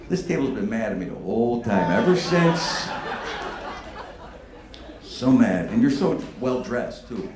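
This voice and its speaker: A man in his fifties doing a stand-up comedy set, with a profane, animated, punchy delivery. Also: medium pitch, measured pace, long pauses. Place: comedy venue on stage. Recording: echoey room with background noise.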